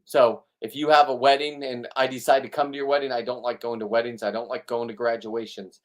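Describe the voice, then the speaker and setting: A middle-aged man rants to his viewers in a blunt, rambling vlog monologue. He sounds riled up and keeps restarting his sentences. His voice sits at an ordinary middle pitch. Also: little pitch movement, fairly quick. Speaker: vlogger. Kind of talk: ranting casual monologue to camera.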